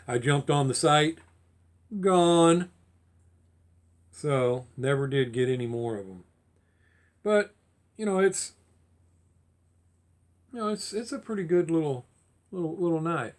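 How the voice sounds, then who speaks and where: A man's voice: a little high, a little slow, long pauses. A man talking casually to camera in a collector's vlog, rambling with restarts and getting heated as he goes. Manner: rambling, repeats and restarts, gets heated and fired up. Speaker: diecast collector vlogger.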